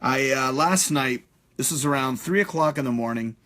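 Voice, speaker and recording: A man hosting a live stream, ranting in a profane, animated way with many fillers. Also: mid-range voice, normal speed. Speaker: host.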